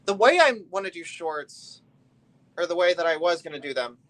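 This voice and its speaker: A man with a voice a touch higher than most, talking in an easy, loose live-stream chat. He rambles and lets his sentences drift off before picking them back up. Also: sing-song, moderate pace, fairly bright tone. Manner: rambling, loose and talkative, often trailing off. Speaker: live streamer building a brick set.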